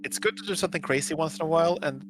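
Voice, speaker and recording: A man's voice: a little high, very fast. A man from Finland reading his visual novel's narration aloud and chatting casually, laughing easily between lines.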